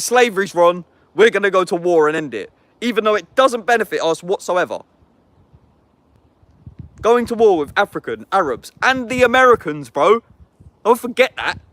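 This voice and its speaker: Speaking to camera with no room sound, a young man with an English accent delivers a furious, foul-mouthed monologue heavy on slang address. His voice is high and slightly bright.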